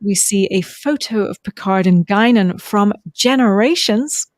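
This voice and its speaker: A woman's voice: mid-range voice, measured pace, dry recording, studio quality. A woman co-hosting a podcast, chatting casually and rambling with many ums. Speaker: podcast co-host. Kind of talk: casual recap chat.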